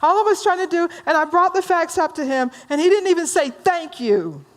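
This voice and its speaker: A woman's voice: sits high, animated, moderate pace, pitched above the performer's own voice. A woman voicing a chatty, sensitive male office clerk who rambles anxiously and is eager to please. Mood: fretful.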